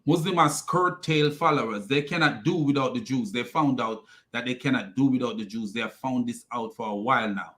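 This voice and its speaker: Speaking fairly quickly with hardly any pauses, the commentary channel host has a mid-range, fairly bright voice. His video is a rant in which he mocks things, says the same points again, and keeps bursting out laughing.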